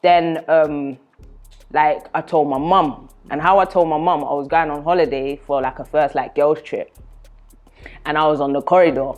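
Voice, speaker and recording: A young woman, a podcast guest telling her stories in casual, animated chat. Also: deep voice, moderate pace, dull audio, faint music behind. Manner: animated storyteller, acts out voices in quotes. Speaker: guest, spoken word artist.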